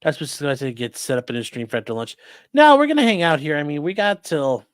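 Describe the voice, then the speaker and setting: A man's voice: fairly high pitch, big pitch swings, fast. A man who is a lawyer chats casually on a livestream, joking and reading viewer comments aloud.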